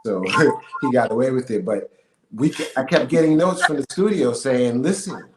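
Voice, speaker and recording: A middle-aged actor and singer, medium-pitched and at normal speed, chats as an interview guest while loud music plays behind his voice. He's an animated storyteller who laughs a lot and leans on fillers, and the room is echoey with faint noise.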